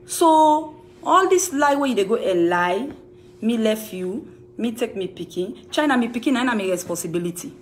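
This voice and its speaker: A woman's voice: on the high side, expressive, a little fast. A woman with a Sierra Leonean Krio accent, a music manager answering accusations to camera in an accusing, emphatic, repetitive way. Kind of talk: heated rebuttal to camera.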